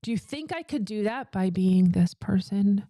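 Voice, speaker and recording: A woman's voice: mid-range voice, lively intonation, normal speed, mellow, no echo. A woman business coach giving a motivational talk into a close microphone, with a casual, chatty manner and an emphatic, repetitive cadence. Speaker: business coach for female entrepreneurs.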